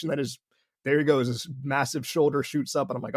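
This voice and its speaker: A man's voice: fairly high pitch, steady tone, quick pace, dry recording, clean studio sound. Rambling, enthusiastic male podcast guest. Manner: rambling, lots of restarts and "like", enthusiastic. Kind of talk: casual podcast chat.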